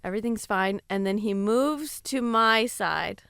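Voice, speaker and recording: Female comic guest, animated storyteller, laughs often, smooth clear voice. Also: medium pitch, measured pace, dry recording, studio quality. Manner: animated, laughs through her stories. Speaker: comedian guest. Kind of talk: casual comedic storytelling.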